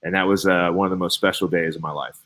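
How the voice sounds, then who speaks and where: A man in his thirties from Cincinnati, a former ballplayer, telling stories as a guest in a casual interview, animated and full of fillers and restarts. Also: low voice, quick pace. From Cincinnati, Ohio. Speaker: guest, former baseball player.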